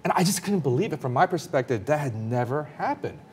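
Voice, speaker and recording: A man commentator telling a personal story in a panel talk, earnest and emphatic, his intensity rising quickly. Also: medium pitch, lively intonation, a little mellow, breathy edge.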